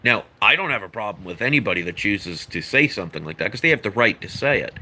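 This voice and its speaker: A man's voice: fairly low pitch, animated, fast talker, sharp tone, breathy edge. A man giving an earnest, rambling opinion monologue as a vlogger. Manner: earnest, lecturing, rambling with asides.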